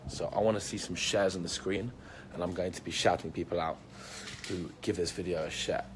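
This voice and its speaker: Upbeat low-voiced man on a live stream. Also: fairly even intonation, brisk, slight background noise. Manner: upbeat, hypes viewers, many fillers like "um" and "like". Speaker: magician hosting a live stream. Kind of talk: casual live-stream chat reading out viewer comments. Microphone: phone or laptop live stream.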